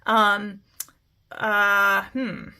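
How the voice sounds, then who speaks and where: A woman's voice: medium pitch, little pitch movement, sharp tone, clean tone. A woman teaching a phonics lesson to children, stretching out words as she models them. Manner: slow, stretched-out word modeling.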